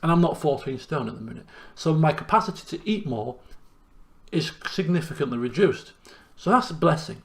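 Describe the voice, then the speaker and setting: A young man chatting casually in a diary vlog, lively and self-deprecating. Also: a little high, a little fast. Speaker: vlogger.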